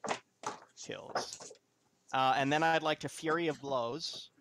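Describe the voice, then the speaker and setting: A man's voice: on the high side, slow pace, a crowd in the background. A man playing a tabletop game, chatting casually and enthusiastically about his moves. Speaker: player.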